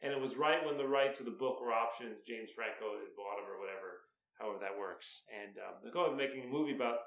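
Quick man telling anecdotes in casual chat. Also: fairly low pitch, steady tone, gravelly, a bit bright, lo-fi sound. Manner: storytelling with quoted asides. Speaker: podcast co-host.

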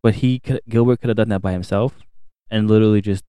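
Low-voiced man ranting on a podcast. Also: fast, clear, resonant tone, no room sound, clean studio sound. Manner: animated, profane ranting. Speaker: podcast co-host. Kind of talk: casual chat. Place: home podcast setup.

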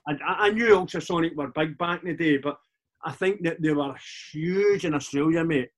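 A man in his forties with a Glaswegian accent, a guest chatting casually in a halting, rambling way with many restarts. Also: fairly high pitch. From Scotland. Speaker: podcast guest, DJ. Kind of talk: casual chat.

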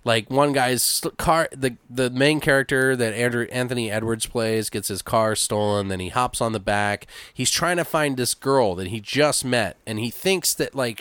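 Man, podcast host, smooth clear voice, dry close sound, rambling casual chat. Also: medium pitch, a bit bright, no echo. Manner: rambling retelling full of fillers and swearing.

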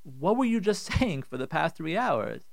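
A man's voice: on the high side, very animated, moderate pace, gravelly, no echo, clean studio sound. A middle-aged man, a rabbi hosting a radio show, giving emphatic, repetitive advice and acting out the complaints he quotes. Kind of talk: animated radio advice talk.

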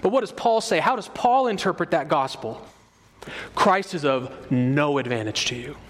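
A man's voice: fairly high pitch, animated, moderate pace, a bit bright, in a large hall, a little hiss or hum. A man preaching an expository sermon, emphatic and repeating key phrases for stress. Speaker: pastor.

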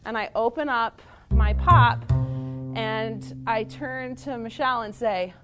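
A fairly high-voiced woman, a teacher, tells a story about herself with lively, self-mocking energy. Faint music plays softly behind her. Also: slow. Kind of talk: personal storytelling.

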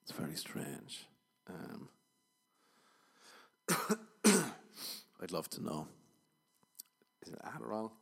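Low-voiced man, crude rambling podcast host. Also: huge pitch swings, extremely slow, creaky, long pauses, fairly bright tone, breathy edge. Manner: crude, swearing, self-mocking jokes. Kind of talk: rambling comedic monologue.

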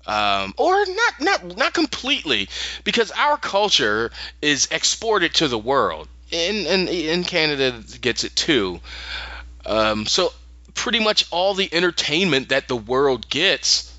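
A man from the US co-hosting a podcast in casual chat, animated, laughing often and restarting sentences as he thinks. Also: on the high side, takes it slowly, no echo, lo-fi sound. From Philadelphia, USA. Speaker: podcast co-host.

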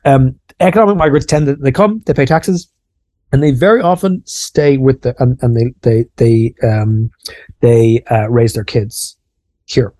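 A man's voice: medium pitch, a little slow, mellow, no echo, clean studio sound. An Irish man co-hosting a podcast, talking casually and self-deprecatingly, explaining ideas with lots of restarts. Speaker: podcast co-host.

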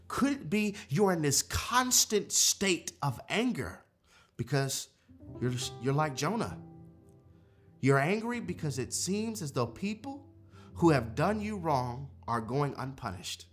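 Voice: mid-range voice, sing-song, measured pace, a bit bright, soft background music. A preacher delivering a dramatic sermon, repeating key lines and rallying the congregation to join in.

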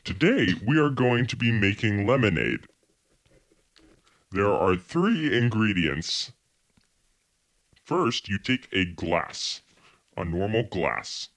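Brief: male actor as grumpy, bossy TV chef; low, deadpan, lively swings. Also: slow pace, long pauses, full character voice. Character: Pierre, bossy grumpy male TV cooking host. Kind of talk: comedy sketch acting.

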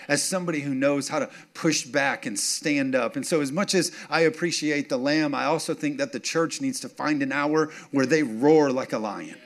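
A man's voice: on the high side, normal speed, hardly any pauses. A man preaching a sermon, building to emphatic declarations and asking the congregation again and again if they are with him. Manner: call-and-response, keeps checking in with the congregation; rises to emphatic, punchy declarations. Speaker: pastor.

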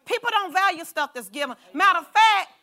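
A woman preaching to her congregation, talking in a loose, animated way with asides and stories. Her voice sits high and has a bright ring to it. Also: fairly quick. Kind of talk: sermon.

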